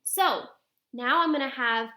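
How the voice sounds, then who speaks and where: Woman teacher sounding out letters for little kids, high bright voice, takes it slow. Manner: slow, drawn-out sounding of letters, coaxing questions to young kids. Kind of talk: early-grade phonics lesson to camera.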